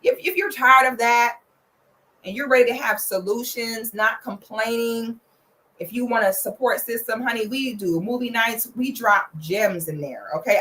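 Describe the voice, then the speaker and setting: A young woman with a somewhat high voice talks straight into the camera like a blunt big sister, sassy and profane. Her casual commentary swings between dry lectures and loud, playful shouting. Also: animated, normal speed, rough recording. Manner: bursts into loud playful shouting when pitching her membership. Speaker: vlogger commenting on celebrity relationships.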